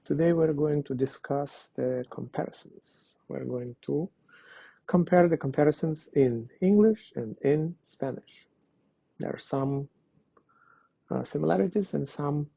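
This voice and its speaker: A man's voice: medium pitch, creaky, mellow, breathy edge, dry recording. A man teaching a language lesson online, explaining step by step and translating each example. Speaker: Spanish teacher. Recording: dull lo-fi dry recording.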